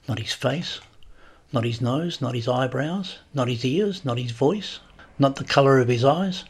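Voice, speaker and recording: A man reading a comic short story aloud with wry, deadpan narration. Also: mid-range voice, slightly rough.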